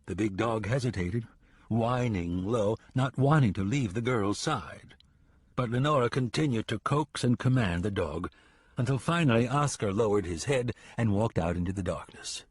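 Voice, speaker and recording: A man narrating an audiobook in a steady, even reading. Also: lowish voice, normal speed, husky, no echo, studio quality. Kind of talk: scripted narration.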